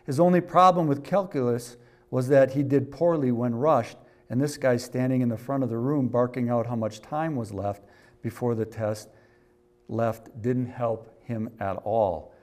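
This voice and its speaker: A middle-aged man preaching a sermon. He reads a story aloud, rises in volume for scripture, and drops low for asides. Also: a little slow. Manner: varies loudness a lot, rising for scripture and dropping for asides. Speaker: pastor.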